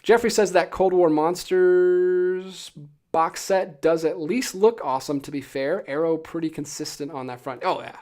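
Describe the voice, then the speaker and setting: Een enthousiaste, praatgrage livestreampresentator die losjes kletst, met veel stopwoordjes, op een middelhoge toon. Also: medium pitch. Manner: enthusiastic and chatty, with frequent fillers. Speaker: live-stream host reading viewer chat. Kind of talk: casual live-stream chat about film releases.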